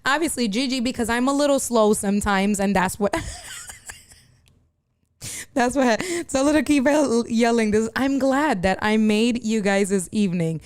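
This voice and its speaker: A woman's voice: a little high, normal speed, a little mellow, smooth. A woman live streamer chatting casually from her home setup, reacting to viewer comments and laughing often. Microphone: desk streaming mic through a mixer.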